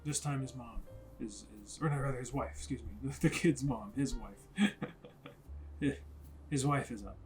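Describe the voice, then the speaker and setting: A man's voice: medium pitch, normal speed, darkish tone, faint music behind. A man casually retelling a story in a rambling, conversational way, correcting himself as he goes.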